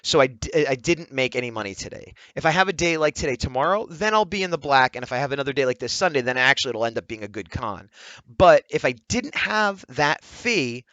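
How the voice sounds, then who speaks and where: A man's voice: medium pitch, fairly quick, no echo, muffled recording. A man vlogging casually, telling an exasperated story, acting out what each person said. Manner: animated, exasperated storytelling with quoted dialogue. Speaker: vlogger and comic artist. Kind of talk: casual vlog rant.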